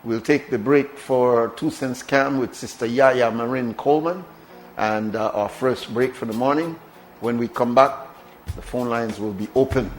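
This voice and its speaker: A man's voice: medium pitch, a little slow, low-quality recording. A man with a Belizean accent hosting a morning radio talk show, chatting casually and repeating words for emphasis. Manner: conversational, emphatic with repetition.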